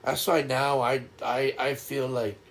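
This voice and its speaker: An older man hosting a casual livestream chat, talking in a reflective, halting way and often repeating words as he starts over. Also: mid-range voice, fairly even intonation, vocal fry. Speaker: livestream host.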